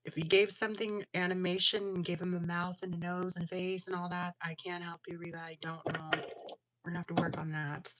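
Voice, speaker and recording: A woman's voice: lowish voice, flat delivery, brisk, a bit bright, slight background noise. A woman hosting a casual livestream, chatting in a sassy, slangy way while crafting jewelry. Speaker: livestream host.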